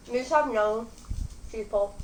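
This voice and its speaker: A young woman with a fairly high voice rambles casually through a mukbang, chatting between bites. She is recorded in an echoey room at home. Faint crickets sound in the background. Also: fairly bright tone, a little hiss or hum. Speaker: mukbang host. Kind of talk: casual chat while eating.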